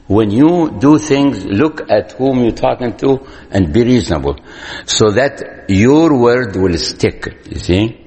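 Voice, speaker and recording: A man lectures on parenting at a very unhurried pace, often repeating his main points for emphasis. His voice sits at a moderate pitch. It carries a long reverb, as if he were speaking in a hall. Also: a little mellow. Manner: slow, deliberate, repeats key points for emphasis. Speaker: speaker giving parenting advice. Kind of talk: lecture-style talk.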